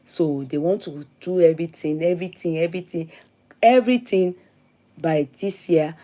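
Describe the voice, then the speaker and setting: A woman's voice: sits low, fairly even intonation, a little fast, dark tone. A middle-aged Nigerian woman hosting a live stream, chatting casually, reading out viewer comments and names and laughing often. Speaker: host of a live commentary show.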